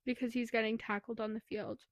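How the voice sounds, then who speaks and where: A woman co-hosting a podcast, casually retelling a novel's plot in an animated way, full of swearing and quoted voices. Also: fairly high pitch, brisk, no echo. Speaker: podcast co-host. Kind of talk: casual book review chat.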